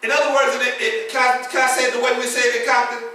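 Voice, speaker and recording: Male preacher, very high and bright, telling folksy stories mid-sermon, distant mic in a reverberant sanctuary. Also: little pitch movement, quick pace. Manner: folksy storytelling, laughs at his own jokes. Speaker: pastor. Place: church sanctuary. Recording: echoey church hall, picked up from a distance.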